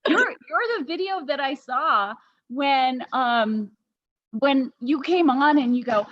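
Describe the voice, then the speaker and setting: A woman hosting a casual livestream chat, talking quickly in asides and laughing often. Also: high voice, animated, a bit bright, no room sound. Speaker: livestream host. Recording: dull, dry lo-fi sound.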